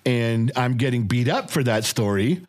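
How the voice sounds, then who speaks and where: Animated middle-aged man telling family stories. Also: normal speed. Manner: animated storyteller, acts out shouted quotes in a high voice, swears freely. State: recovering from illness. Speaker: podcast co-host. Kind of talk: casual storytelling chat.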